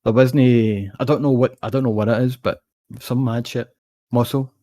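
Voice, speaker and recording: A man's voice: mid-range voice, steady tone, moderate pace, warm tone. A young Scottish man co-hosting a podcast, telling a long rambling story in casual chat, swearing freely. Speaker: podcast co-host.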